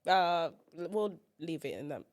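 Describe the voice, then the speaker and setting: A woman's voice: on the low side, slow pace, darkish tone. A young woman guesting on a comedy podcast, candid and rambling with a dry sense of humor. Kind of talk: casual comedy podcast chat.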